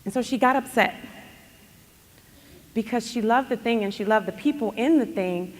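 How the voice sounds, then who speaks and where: A woman telling an animated story as a motivational speaker at a company event. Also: on the high side, moderate pace. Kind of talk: storytelling speech. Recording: long hall reverb.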